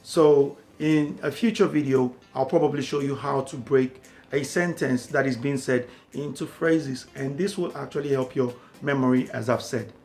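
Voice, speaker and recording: A man's voice: medium pitch, moderate pace, a little mellow. A man tutoring for a language exam, explaining steadily and repeating key words for emphasis. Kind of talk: instructional talk to camera.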